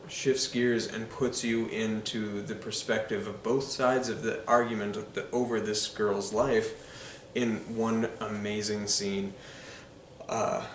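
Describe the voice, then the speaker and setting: A man's voice: fairly low pitch, level tone, takes it slowly, echoey room, far from the mic, slight background noise. A man giving enthusiastic, casual movie commentary, full of ums and uhs. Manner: enthusiastic, filler-heavy with frequent ums and uhs. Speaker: film reviewer.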